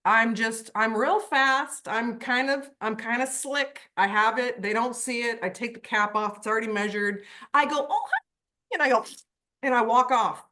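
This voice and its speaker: Woman horse coach, bright, a bit high, lively storyteller on a video call. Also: moderate pace, hardly any pauses. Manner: lively storyteller, acts out voices. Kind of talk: online group coaching call.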